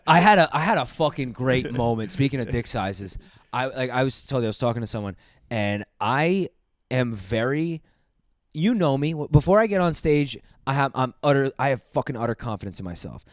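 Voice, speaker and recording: A man's voice: mid-range voice, expressive, normal speed, dry recording, studio quality. A man hosting a casual podcast chat, telling a rude story with lots of swearing and laughter. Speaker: podcast host.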